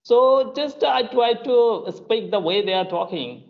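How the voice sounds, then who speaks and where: A man's voice: extremely high pitch, lively intonation, unhurried, vocal fry, highs cut off. A man with an Indian English accent, an English tutor chatting casually and hesitantly, with many fillers and restarts. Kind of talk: casual conversation practice.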